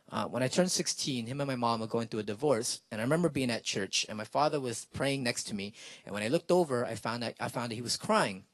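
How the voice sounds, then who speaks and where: A young man telling a comic story to an audience, animated and chatty, often checking in with "right?". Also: mid-range voice, dry recording. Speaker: spoken word performer.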